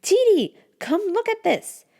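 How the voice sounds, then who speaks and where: Flustered tiny mushroom creature, shrill and fussy; a woman reads it. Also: very animated, unhurried, vocal fry, heavily acted. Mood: shrieking. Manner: shrieking, fussy.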